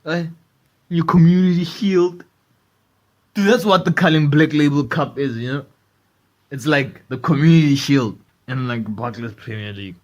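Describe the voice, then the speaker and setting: A man hosting a comedy podcast, ranting in a loose, animated way and swearing a lot. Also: fairly high pitch, normal speed, muffled recording. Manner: animated, swearing, keeps asking "right?". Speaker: podcast host. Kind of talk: comedy rant.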